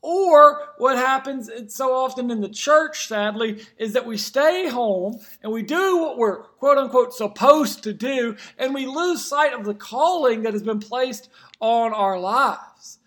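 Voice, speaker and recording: A man preaching a sermon, retelling a scripture story in a relaxed, conversational way and then applying it to his listeners. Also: very high voice, unhurried. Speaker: pastor.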